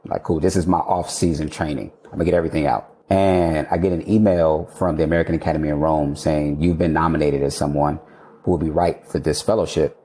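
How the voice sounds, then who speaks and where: Male guest, 30s, deep warm voice, casual storyteller, laughs often, swears casually. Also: steady tone, quick pace. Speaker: architect guest.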